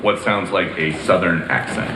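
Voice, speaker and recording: A man's voice: low voice, moderate pace, noisy background. Distant man reporter in a roomy briefing room. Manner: persistent questioning. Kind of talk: press briefing question.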